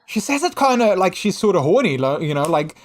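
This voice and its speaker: A man chatting casually on a live stream in an animated, gushing way, full of restarts. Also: high-pitched, a little fast.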